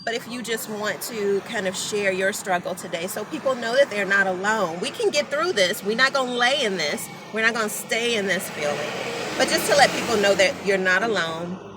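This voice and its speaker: A woman's voice: mid-range voice, noisy background. A middle-aged woman talking emotionally and rambling to her viewers on a phone live stream. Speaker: natural hair vlogger.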